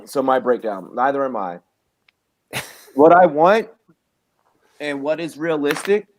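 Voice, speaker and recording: A man co-hosting a casual sports podcast over a call, cursing often and talking excitedly. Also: mid-range voice. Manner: profane, excitable, laughs a lot. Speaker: podcast co-host.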